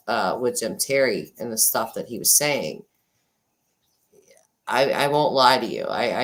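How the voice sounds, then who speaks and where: A woman in her forties hosting a casual livestream chat, thanking viewers and talking at a desk microphone. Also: rumbling low. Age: 40s. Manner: chatty, thanking viewers, swings between excited and subdued. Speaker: livestream host. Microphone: desk microphone, sometimes glitchy.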